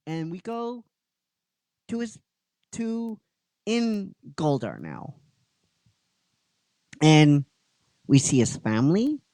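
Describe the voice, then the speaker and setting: A man's voice: on the high side, very slow, long pauses, no room sound. A man hosting a show, retelling an episode with energy, often restarting and stressing his words. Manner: animated, with restarts and emphatic stresses. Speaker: host.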